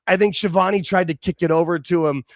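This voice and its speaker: A man co-hosting a casual wrestling talk show, excitable, talking in quick bursts with laughs and restarts. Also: high voice, dry recording, studio quality. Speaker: podcast co-host.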